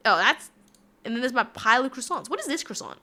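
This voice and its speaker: An Australian woman streaming live and chatting with her viewers in a bubbly, rambling, giggly way. Her voice sits a little high and sounds bright and forceful, swinging up and down in lively leaps. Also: fast. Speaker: livestreamer. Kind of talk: casual stream chat reading viewer comments.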